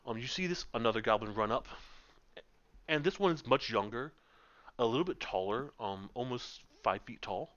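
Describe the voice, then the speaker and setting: Acting as game master for a tabletop game, a man speaks at normal speed in an animated, medium-pitched, fairly bright voice. He describes scenes at length, dropping frequent filler ums, and the voice-chat audio is muffled.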